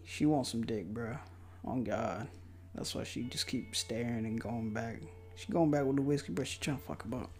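A young man giving casual, profane commentary while watching a movie, mocking it and breaking into loud outbursts. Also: medium pitch, normal speed, faint music behind.

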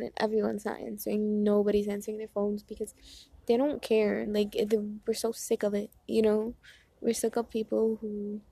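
A young woman talks casually in an exasperated, rambling way, her voice gravelly with vocal fry. Her pitch stays fairly flat, with a mellow, dark tone in a dry, close recording. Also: no echo. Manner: dramatizes others in quoted asides. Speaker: vlogger. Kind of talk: casual chat.

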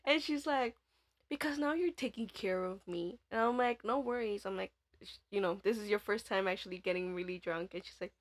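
A woman's voice: mid-range voice, brisk. A young woman co-hosting a casual chat, telling family stories with lots of giggling and acted-out quotes. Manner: giggly storyteller, quoting family in voices, lots of "like". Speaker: podcast co-host.

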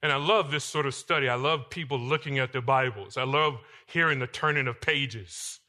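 A male pastor preaching a sermon in a church, swinging between loud emphatic lines and quiet asides. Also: mid-range voice, moderate pace. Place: church sanctuary.

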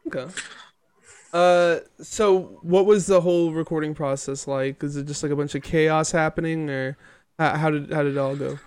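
A man's voice: on the high side, steady tone, normal speed, a little mellow, smooth. A man hosting a podcast, asking curious, easygoing questions and joking with his guests. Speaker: podcast host. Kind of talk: casual interview questions.

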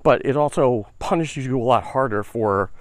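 Male podcast host, mid-pitched, recorded dry on a portable mic outdoors while walking uphill, slightly winded, loose and rambling. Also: normal speed, dry recording. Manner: rambling, many "like" fillers and "right?" tags. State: slightly out of breath. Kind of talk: casual explanatory podcast talk.

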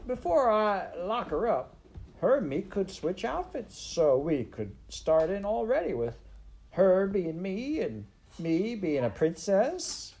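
A man doing a coarse, high serving girl. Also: big pitch swings, slow, a little mellow, exaggerated voice.

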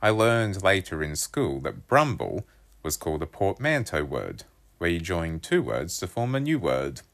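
Low-voiced man reading a children's book. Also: measured pace, creaky. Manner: lively first-person storytelling. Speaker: storybook reader.

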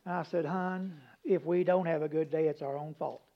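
A man preaching a folksy, humorous sermon, rambling into stories and dropping from loud emphasis to hushed asides. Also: sits high, normal speed. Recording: dull lo-fi recording.

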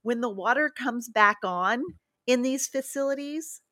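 A woman's voice: fairly high pitch, measured pace, no room sound, clean studio sound. A woman hosting a casual podcast conversation, telling stories animatedly and acting out what people said. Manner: animated storyteller who acts out quotes.

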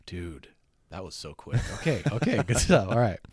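A man's voice: fairly low pitch, big pitch swings, normal speed, a little mellow, breathy edge, no room sound. A middle-aged man hosting a podcast in a studio, chatty and self-deprecating, with lots of fillers and restarts. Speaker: podcast host. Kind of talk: casual podcast chat.

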